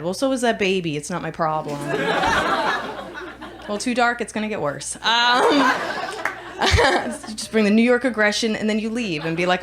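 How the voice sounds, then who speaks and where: Stand-up comic, woman in her thirties, mid-pitched, dry and dark, chuckles at her own jokes on a club stage. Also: lively intonation, brisk, a loud crowd, heavy background noise. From United States. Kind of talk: stand-up set.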